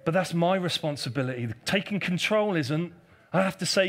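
High-voiced man preaching emphatically. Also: animated, brisk, fairly bright tone. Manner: emphatic and repetitive, drilling key phrases; addresses the congregation directly, calls for responses and teases members. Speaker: pastor. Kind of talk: preaching a live sermon. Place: church, before a congregation.

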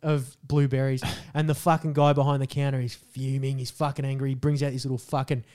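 A man telling a story on a casual podcast. He swears freely and is animated, with loud bursts when he quotes people. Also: medium pitch, a little fast. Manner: animated, profane, jumps into loud voices when quoting people. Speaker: podcast co-host.

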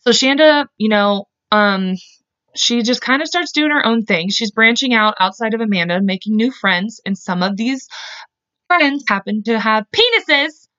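A woman's voice: a little high, animated, normal speed, bright, forceful tone, clear, resonant tone, no echo, lo-fi sound. A woman hosting a podcast, telling a true story in a casual, chatty way, with frequent swearing and laughing asides. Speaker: podcast host.

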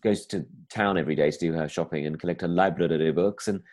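A man's voice: deep voice, fast talker, darkish tone. A man, a comedian, chatting casually in a rambling way, full of fillers and restarts. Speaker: comedian guest. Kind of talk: casual conversation.

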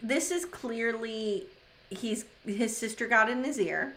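A woman's voice: fairly high pitch, slow pace, fairly bright tone. Opinionated woman podcast co-host. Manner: opinionated, sympathetic commentary. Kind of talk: casual chat.

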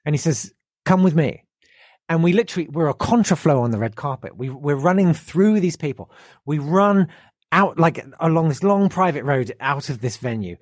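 A man on a podcast, telling an animated anecdote in casual chat and acting out the people he quotes. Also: fairly high pitch, moderate pace, no room sound, studio quality. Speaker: podcast guest.

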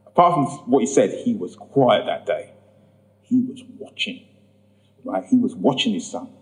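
A man telling his personal testimony in a sermon, acting out the voices in his story and rising high when he gets emphatic. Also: animated, normal speed, poor audio. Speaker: preacher giving testimony.

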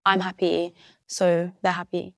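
A woman's voice: lowish voice, completely flat delivery, a little slow, gravelly, a bit bright, no room sound. Easygoing young-sounding woman guest, dry sound. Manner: casual, easygoing, fond of "do you know what I mean". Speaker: interview guest. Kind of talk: casual interview chat.

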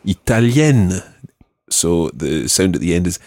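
A male language teacher leading a spoken lesson, patiently modelling words slowly and clearly. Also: deep voice, lively intonation, a little mellow, no room sound, clean studio sound.

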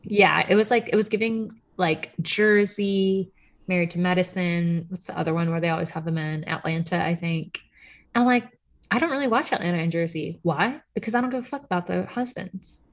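A young woman co-hosts a chatty podcast, sarcastic and quick to laugh, swearing offhandedly. Her voice sits a bit low and carries a steady gravelly fry. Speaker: podcast co-host. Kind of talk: casual chat.

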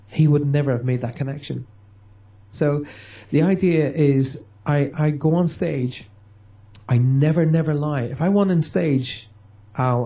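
Medium, mellow tone, jokey storyteller who acts out the voices. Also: male voice, medium pitch. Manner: lively, joking, acts out dialogue. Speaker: medium and touring stage performer. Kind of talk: storytelling interview answers.

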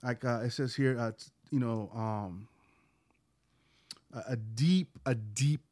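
Brief: sniffly male co-host who explains in halting stops and starts, dry booth recording. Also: medium pitch, a little mellow, no echo. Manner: halting, many restarts while explaining. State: sniffly from a cold. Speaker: podcast co-host. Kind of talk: casual faith podcast chat.

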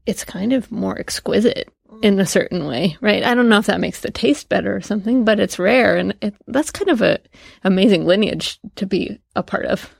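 A woman's voice: mid-range voice, normal speed, gravelly, husky, dry recording. A woman hosting a casual interview, chatting enthusiastically and asking questions. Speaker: host, interviewer.

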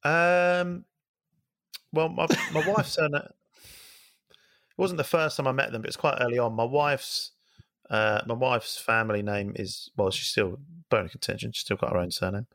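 A man's voice: medium pitch, unhurried, vocal fry, a bit bright, no room sound. Male co-host, wry joker, dry close sound. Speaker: podcast co-host. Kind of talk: casual football podcast chat.

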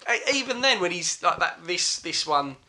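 A man co-hosting a podcast, rambling about films in a halting way with many restarts. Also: sits high, sing-song, bright, forceful tone. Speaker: podcast co-host. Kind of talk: casual film chat.

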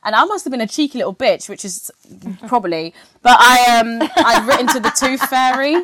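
A woman's voice: on the high side, expressive, fairly bright tone, no echo. Young English woman, dry and chatty. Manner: chatty, swears freely, tells stories in quick bursts. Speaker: podcast co-host. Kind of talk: casual chat.

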